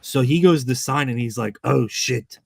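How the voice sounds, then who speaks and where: Man, casual host chat, animated storyteller, quotes people, middle pitch. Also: moderate pace, creaky. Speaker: channel host. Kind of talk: casual chat recapping a convention.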